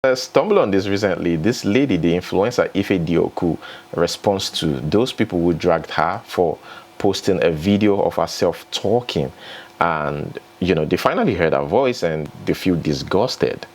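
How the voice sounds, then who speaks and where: A Nigerian man with a very low voice talks through celebrity stories in a loose, opinionated vlog style. He laughs between remarks and cannot pronounce his R sounds. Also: lively intonation, normal speed, darkish tone. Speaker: entertainment news host. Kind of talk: casual news commentary vlog.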